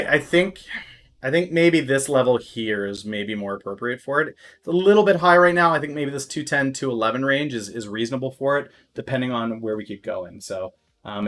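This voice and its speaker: A man doing live-stream stock market commentary, thinking aloud with lots of fillers and breaking into loud, exaggerated alarm and crude jokes. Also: mid-range voice. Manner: crude joking asides.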